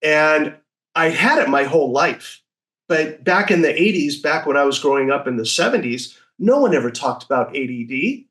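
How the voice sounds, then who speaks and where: A man in his sixties telling stories as a podcast guest, lively and acting out the voices of people he quotes. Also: a little high, normal speed. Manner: animated, acts out quoted voices. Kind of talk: casual storytelling.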